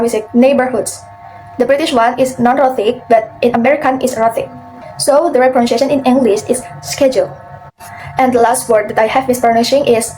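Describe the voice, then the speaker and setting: A young Indonesian woman with a fairly high voice walks through her pronunciation errors in a class presentation. She talks methodically, with some halting grammar, and faint music plays behind her. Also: a little mellow, rough recording. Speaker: student presenter.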